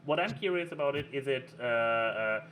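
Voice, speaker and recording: A man in a casual podcast chat who speaks haltingly, with many restarts. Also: mid-range voice, expressive, a bit bright, a little hiss or hum. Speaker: podcast co-host.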